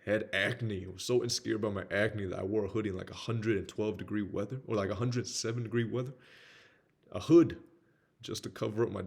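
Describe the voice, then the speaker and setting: A man's voice: lowish voice, gravelly, a little mellow, breathy edge. A young man with a Southern US accent giving a blunt, candid motivational talk about his own life. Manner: blunt, slangy, peppered with "man". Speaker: motivational speaker.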